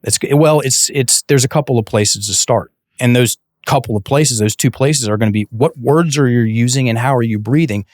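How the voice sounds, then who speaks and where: A man's voice: medium pitch, moderate pace, few pauses, no echo. A man talks through a coaching story on a podcast, voice lifting and dropping as he acts out both sides of the dialogue. He often stops and restarts his sentences. The sound is dry and close to the mic. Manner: animated, many restarts, acts out quoted dialogue. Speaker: guest, breathwork and mindset coach. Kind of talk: casual conversational storytelling.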